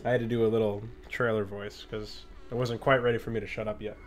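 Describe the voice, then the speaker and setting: A man's voice: fairly low pitch, level tone, fast, a little hiss or hum. A man hosting a let's-play, talking casually and enthusiastically about a game he is playing. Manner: chatty, enthusiastic. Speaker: host.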